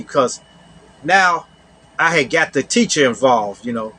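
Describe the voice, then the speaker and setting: Guy with a high voice just talking, telling a story from his life, repeats himself a lot, says "you know" a bunch. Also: slow, long pauses, sharp tone. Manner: repeats phrases, often adds "you know". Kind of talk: casual personal storytelling.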